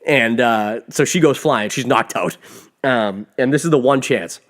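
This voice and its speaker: Male podcast host, casual film recap, gushing and excitable, curses freely, rambling restarts. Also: mid-range voice, unhurried. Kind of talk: casual spoiler movie review.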